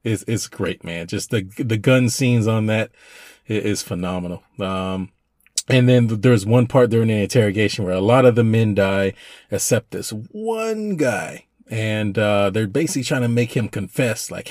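A man co-hosting a podcast, chatting casually about movies in a rambling way and now and then acting out scenes in quick put-on voices. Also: on the low side, animated, a little mellow, no echo, studio quality. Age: young adult to middle-aged, a parent. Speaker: podcast co-host. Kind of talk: casual film review chat.

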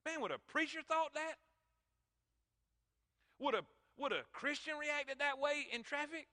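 Man, preacher, high and bright voice, emphatic, reverberant church hall. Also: a little slow. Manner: emphatic, calls to the congregation. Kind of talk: sermon. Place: church sanctuary.

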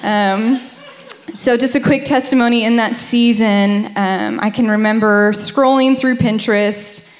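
A woman's voice: fairly high pitch, a little slow, in a large hall. A young woman sharing her side of a faith testimony, candid and humorous, telling it like a story. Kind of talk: personal testimony talk.

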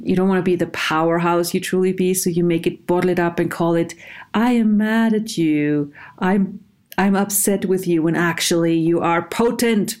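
A woman's voice: lowish voice, a little mellow. Playful woman giving a casual self-help talk. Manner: playful, encouraging, laughs often.

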